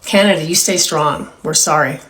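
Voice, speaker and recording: A woman from California speaks to the camera in an apologetic, impassioned way. Her voice is somewhat low for a woman, with a heartfelt tone throughout. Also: moderate pace, a bit bright. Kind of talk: emotional personal video.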